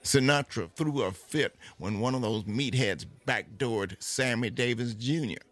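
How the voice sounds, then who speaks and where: A man's voice: mid-range voice, unhurried, fairly bright tone, close to an everyday voice. A man doing a wisecracking backup singer. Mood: wry. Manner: blunt, wisecracking.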